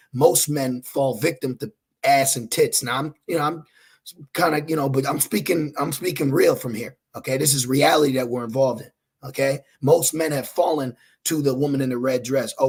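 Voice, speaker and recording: A man's voice: on the high side, vocal fry, slightly rough. A young adult man preaching a fiery sermon, confrontational and scornful as he reads scripture aloud. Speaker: street preacher.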